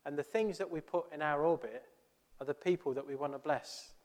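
This pastor preaches a little fast, with a slightly high voice and a darkish tone that fades into a long church reverb. His sermon is earnest and conversational, peppered with questions for the listeners.

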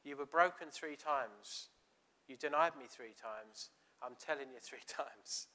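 Bright-voiced man preaching animatedly. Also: medium pitch, unhurried. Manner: chatty, animated storytelling with quoted dialogue. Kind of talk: sermon.

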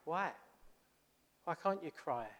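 Speaking slowly with lively intonation and a fairly bright tone, a pastor preaches earnestly and conversationally in a church. His voice is a touch high and trails off into long reverb, and he often asks the congregation questions.

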